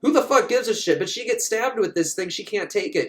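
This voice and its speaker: A man's voice: high-pitched, lively intonation, fairly quick, fairly bright tone. A man recapping a movie in a casual, comic way, rambling, swearing and often laughing. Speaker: movie reviewer.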